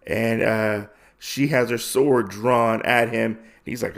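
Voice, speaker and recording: A man's voice: lowish voice, steady tone, a little slow, gravelly. A man hosting a podcast, casually recapping a comic in a rambling way with lots of fillers. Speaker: podcast host.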